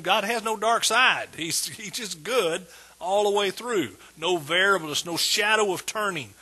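A pastor with a husky, bright-edged tenor delivers an emphatic sermon. He drives his points home word by word, his voice rising slightly above the usual male range as he builds toward praise. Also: high-pitched. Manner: emphatic preaching, repeats words with rising intensity.

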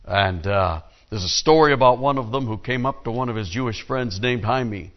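Lively male preacher, slightly muffled. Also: medium pitch, normal speed. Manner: lively storytelling, calls on the congregation to respond. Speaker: pastor. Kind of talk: sermon.

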